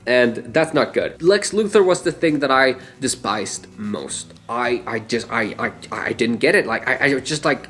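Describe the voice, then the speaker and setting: A man's voice: on the high side, animated, moderate pace, a bit bright, faint music behind. A young man giving a casual, rambling movie opinion, laughing often and swearing. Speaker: movie reviewer.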